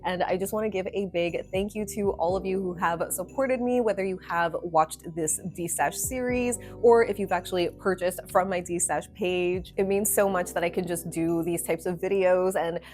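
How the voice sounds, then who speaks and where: Chatty woman with a lowish voice, soft music behind. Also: moderate pace, hardly any pauses. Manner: chatty, apologetic, rambling with fillers. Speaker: nail polish channel host. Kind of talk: casual talk to camera.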